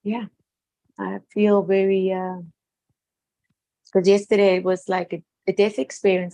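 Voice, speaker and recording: A woman telling a heartfelt personal story in an earnest, emotional way. She repeats phrases, laughs softly, and often drops to a hushed voice. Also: mid-range voice, flat delivery, slow pace, creaky, long pauses.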